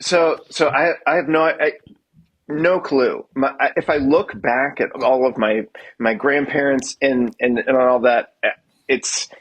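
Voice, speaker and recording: A man talks casually as a podcast guest, his voice a little husky at mid pitch. He stops and restarts his sentences often and leans on wry humor about himself. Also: fairly even intonation, muffled recording. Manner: halting, many restarts, self-deprecating humor. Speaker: guest musician.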